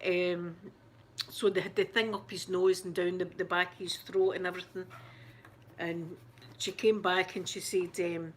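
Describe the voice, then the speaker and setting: The Scottish ASMR host talks casually to her viewers in a flat, lowish voice, shaken and near tears as she stumbles, restarts, and leans on fillers. A little hiss or hum sits under the recording.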